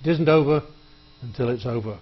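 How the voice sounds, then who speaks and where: A man hosting a studio talk show, chatty and joking, with many halting fillers. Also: medium pitch, husky, lo-fi sound. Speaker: TV show host. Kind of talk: public-access studio interview. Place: TV studio table.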